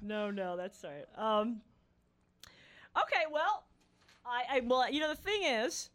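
A woman's voice: a little high, animated, measured pace, fairly bright tone. A woman hosting a radio show, chatting casually with a band, laughing often and restarting her sentences. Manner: giggly, chatty, many restarts. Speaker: radio host.

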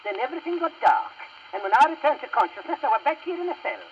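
A man's voice: very high-pitched, very animated, quick pace, a little hiss or hum, heavily acted. A man playing a long-winded British ship's quartermaster in a comedy sketch, on a muffled old record. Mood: aggrieved. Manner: long-winded, polite storyteller.

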